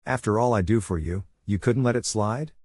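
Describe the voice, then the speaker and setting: A man's voice: on the low side, normal speed, a little mellow, slightly rough, dry recording, studio quality. A man reading the lines of an angry, dismissive middle-aged mother in a scolding tone. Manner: snapping, scolding.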